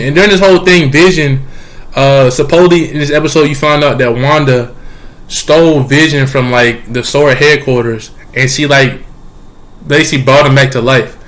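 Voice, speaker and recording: Excited young man rambling a recap. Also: mid-range voice. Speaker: vlogger. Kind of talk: casual show recap.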